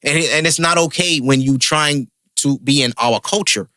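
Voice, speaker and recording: A man's voice: fairly high pitch, moderate pace, pushed and bright, dry recording, studio quality. A man hosting a podcast, a comedian ranting in heated, profane casual chat.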